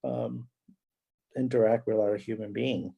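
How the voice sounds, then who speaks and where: Gravelly dark-voiced man. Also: medium pitch, fairly even intonation. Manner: earnest, halting, with restarts. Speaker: panel guest. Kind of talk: casual panel discussion.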